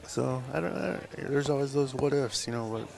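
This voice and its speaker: A tattoo artist with a gravelly, medium-pitched voice tells a long story at a fairly quick clip during a live podcast interview. He rambles, swearing and dropping fillers constantly, while loud crowd chatter fills the tattoo convention event around him.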